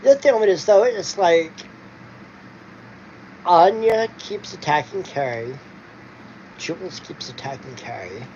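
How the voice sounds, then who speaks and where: A man talks slowly and loosely, stopping and restarting his sentences with plenty of fillers. The recording is dull and lo-fi, with a faint hiss behind him. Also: sits high, animated, a little mellow. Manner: rambling, halting, with many fillers and restarts. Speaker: vlogger. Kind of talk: casual chat. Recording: dull lo-fi sound with faint noise.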